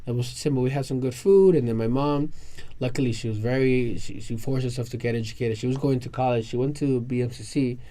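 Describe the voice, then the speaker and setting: Animated New man telling stories. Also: mid-range voice, a little fast, few pauses. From New York, USA. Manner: animated storyteller, rambling with restarts. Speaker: podcast guest. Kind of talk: casual round-table storytelling. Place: round-table podcast recording with other guests.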